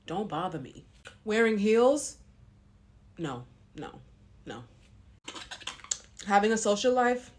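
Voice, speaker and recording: A woman's voice: medium pitch, very animated, slow, long pauses, a little mellow, a little hiss or hum. A pregnant young woman talking to camera in a casual vlog, frank and long-winded. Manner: blunt and frank. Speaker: vlogger.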